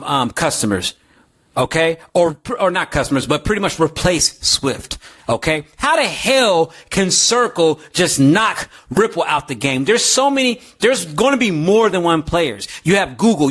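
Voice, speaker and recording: High-voiced man in a heated rant. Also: fairly bright tone. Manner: heated, slangy, profane, keeps asking "you feel me". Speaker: crypto video host. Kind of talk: ranting commentary.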